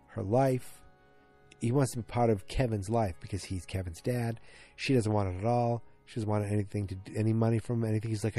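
A man with a fairly low, mellow voice talks through a TV episode in a loose solo recap. He rambles, restarts his sentences and fills the gaps with ums. Soft music plays faintly behind him. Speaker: TV episode reviewer.

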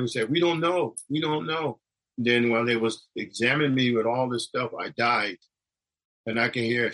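A man's voice: mid-range voice, sharp tone, low-quality recording. A man telling a personal story in a rambling, conversational way, acting out the voices of the people in it. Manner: rambling, with restarts and acted-out quotes. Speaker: storyteller recounting near-death experience. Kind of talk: casual spoken testimony.

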